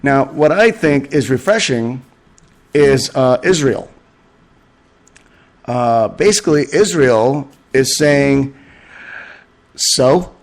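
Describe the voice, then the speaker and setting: A man's voice: mid-range voice, lively intonation, takes it slowly, vocal fry, long pauses. A man hosting a podcast, talking in a casual, sarcastic monologue with lots of uh's and um's. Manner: sarcastic, rambling, full of fillers. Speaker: podcast host.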